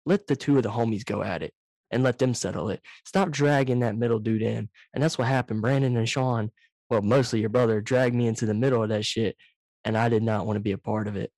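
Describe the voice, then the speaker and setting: A man hosts a casual podcast over a video call, telling stories in an animated, profane way. His mic sits right up against him, so he comes through loud and close. The sound is dry. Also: medium pitch, fairly quick, no room sound. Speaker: podcast host. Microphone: too close to the microphone, loud.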